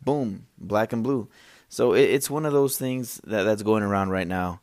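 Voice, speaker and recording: A man's voice: on the low side, normal speed, darkish tone. A young man hosting a solo podcast, rambling and joking with lots of fillers and restarts. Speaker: podcast host. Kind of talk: solo casual chat. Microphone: podcast microphone.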